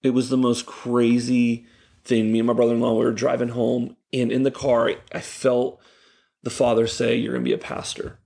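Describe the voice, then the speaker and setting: A young man, a youth pastor, telling animated stories in casual chat with lots of fillers. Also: mid-range voice, normal speed, vocal fry. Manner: animated, laughing storyteller with many fillers. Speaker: youth pastor, podcast guest.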